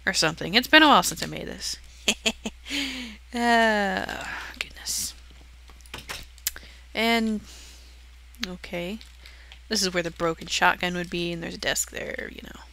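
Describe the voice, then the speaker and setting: A woman's voice: lowish voice, steady tone, a little slow, vocal fry, pauses often, pushed and bright. Giggly, chatty young woman touring a game build. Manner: giggly, self-deprecating, chatty. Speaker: channel host touring her build. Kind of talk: casual game walkthrough commentary.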